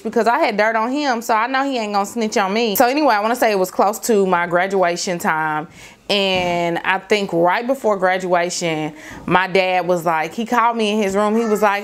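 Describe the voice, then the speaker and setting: A middle-aged woman vlogger casually telling a story from her teenage years to her viewers, slangy and animated. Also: medium pitch, fairly quick.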